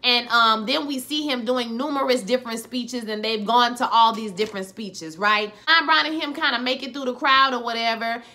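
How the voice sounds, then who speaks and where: Woman vlogger, chatty and slangy episode reviewer; bright, punchy tone. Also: a little high, moderate pace, hardly any pauses. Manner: animated, slangy, talks straight to viewers. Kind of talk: casual recap vlog.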